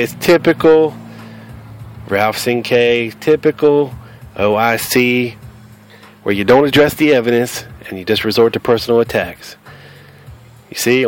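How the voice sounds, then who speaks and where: Blunt Southern man hosting a podcast. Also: medium pitch. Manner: blunt, combative, cusses freely. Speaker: podcast host. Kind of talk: casual podcast monologue.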